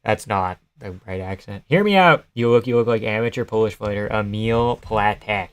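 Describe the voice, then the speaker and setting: A man's voice: lowish voice, moderate pace, smooth. A young man on a casual live stream, chatting loosely and swearing while he reacts to fights and answers his chat.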